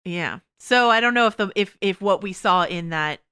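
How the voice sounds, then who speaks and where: Chatty woman with a bright, clear voice. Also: mid-range voice. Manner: quick, chatty, full of "you know" and laughs. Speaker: podcast host. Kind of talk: casual TV discussion chat.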